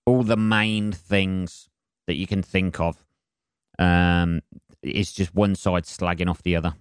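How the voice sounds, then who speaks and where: Sweary, rambling man, low and smooth. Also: steady tone, slow pace, dry recording, clean studio sound. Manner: rambling, sweary and sardonic with many fillers. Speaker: podcast host. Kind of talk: solo rambling monologue.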